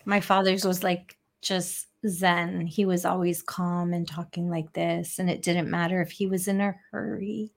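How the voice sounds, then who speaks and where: A woman co-hosting a live talk show, chatting loudly and laughing easily. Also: fairly low pitch, flat delivery, measured pace, gravelly, few pauses. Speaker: co-host. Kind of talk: casual chat.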